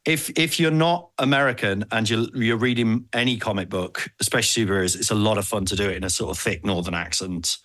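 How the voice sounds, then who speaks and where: A man's voice: fairly low pitch, fast, few pauses, a bit bright. A man co-hosting a podcast, chatting playfully and joking with his friends. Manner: playful, jokey, breaks into laughter. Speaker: podcast co-host. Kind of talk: casual comedic chat.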